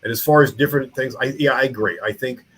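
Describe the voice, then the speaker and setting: A man's voice: mid-range voice, fast talker, slightly rough, rough recording. A middle-aged man from New York, a museum founder and small-town mayor, chatting in a podcast interview with many restarts. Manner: rambling, frequent restarts and fillers.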